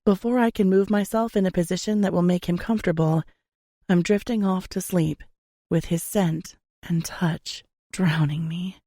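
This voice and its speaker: A young adult woman narrating a first-person romance audiobook in an intimate, measured way on a close studio mic. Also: lowish voice, warm tone, no echo.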